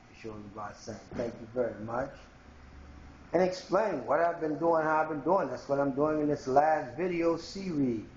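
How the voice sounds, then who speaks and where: A man from Haiti, a video blogger, rants straight to the camera in a home video blog, delivering a rambling, confrontational monologue to his viewers. His voice is medium-pitched, and the recording is muffled, with an echoey room and slight background noise.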